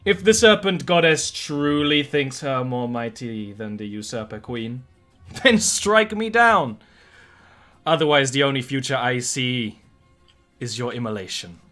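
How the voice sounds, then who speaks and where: A man's voice: medium pitch, expressive, measured pace, a bit bright, faint music behind. A man doing a scornful drow woman. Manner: defiant, scornful threats. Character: proud, mocking powerful drow woman.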